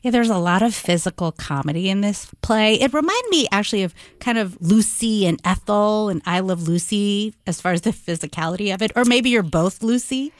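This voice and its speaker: A woman interviewer asking curious, measured questions of a guest. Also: mid-range voice, expressive, no room sound. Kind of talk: conversational interview.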